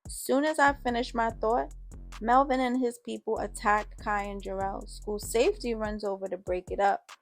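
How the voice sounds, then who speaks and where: A woman's voice: fairly high pitch, steady tone, soft background music. A woman narrating a first-person story in casual slang, voicing the other people's lines in her own voice. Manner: casual street-slang storytelling, quick snappy delivery of quoted lines.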